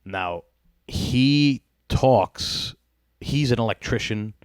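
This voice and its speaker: A man's voice: mid-range voice, lively intonation, extremely slow, clear, resonant tone, no room sound, studio quality. A man hosting a casual comedy podcast, rambling and profane, laughing often. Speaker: podcast host.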